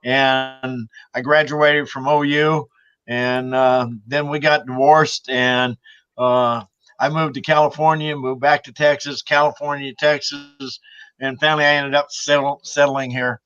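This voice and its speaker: A man's voice: mid-range voice, flat delivery, a little slow, a bit bright, smooth, no room sound, lo-fi sound. A man chatting casually as a guest, speaking in a plain, matter-of-fact way. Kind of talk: casual chat.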